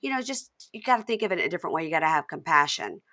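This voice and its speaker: A woman putting on the voice of a calm, defensive fiancé who talks in a flat, placating way. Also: low voice, racing.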